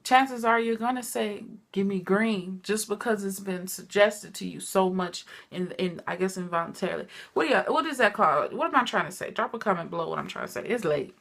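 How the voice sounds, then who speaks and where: Chatty woman with a gravelly edge. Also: medium pitch, a little fast, hardly any pauses. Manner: chatty, animated storytelling, addresses viewers as y'all. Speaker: TV recap vlogger. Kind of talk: casual TV recap chat.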